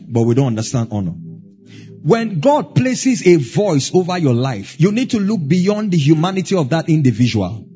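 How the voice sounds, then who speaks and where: A man's voice: fairly high pitch, warm tone, dull audio. Man, Nigerian accent, pastor, sermon, sing-song emphasis, faint music behind.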